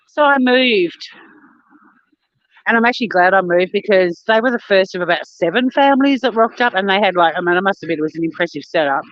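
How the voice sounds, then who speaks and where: An Australian woman chatting casually on a live stream while walking on a beach, blunt and quick to swear and laugh. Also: medium pitch, lively intonation, fairly bright tone, no echo, lo-fi sound. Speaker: vlogger. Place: outdoors on a beach.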